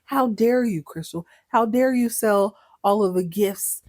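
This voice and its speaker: A woman's voice: medium pitch, a little slow, darkish tone, no room sound, close to an everyday voice. A woman voicing a proud, easily offended rich older man, speaking with theatrical, exclamatory outrage. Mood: outraged.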